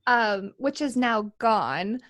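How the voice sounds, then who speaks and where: A woman's voice: on the high side, animated, slow pace, a bit bright, dry recording, studio quality. A woman from Minnesota with a Minnesota accent, co-hosting a podcast in casual, chatty talk with lots of fillers. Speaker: podcast co-host. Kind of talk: casual chat.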